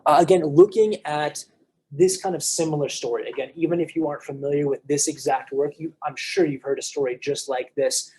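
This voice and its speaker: A young American man leads a church class in an easy, chatty way, often restarting his sentences. His voice sits a little high for a man. The tone is mellow and slightly husky. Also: brisk, rough recording. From United States. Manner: conversational, frequent restarts and fillers. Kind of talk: casual lecture on a play.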